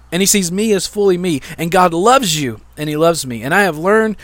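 Brief: middle-aged male pastor, slightly high voice, casual sermon delivery that swells on key points. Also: fairly bright tone, no room sound. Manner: conversational preaching with fillers and repeated lines.

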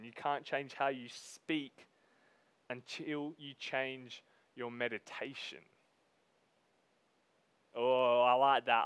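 A man preaching a sermon. He reads scripture slowly, then talks to the congregation in a casual, emphatic way. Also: mid-range voice, fairly bright tone, clear, resonant tone, no room sound.

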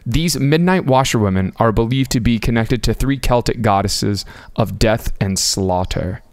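A man's voice: medium pitch, moderate pace, a little mellow, dry recording. A man co-hosting a podcast, reading out notes in casual chat with wry, self-deprecating asides. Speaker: podcast co-host.

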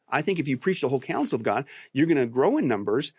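A man, a pastor, speaking emphatically as a guest on a talk show and rising to forceful peaks as he preaches his point. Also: medium pitch, sing-song, fast, husky, no room sound, studio quality. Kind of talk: preaching on a podcast interview.

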